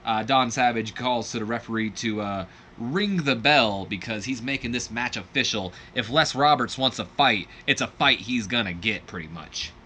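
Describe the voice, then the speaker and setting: Bright-voiced man narrating a game. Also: mid-range voice, normal speed, a little hiss or hum. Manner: rambling, self-correcting, chuckling. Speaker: game commentator. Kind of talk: let's play narration.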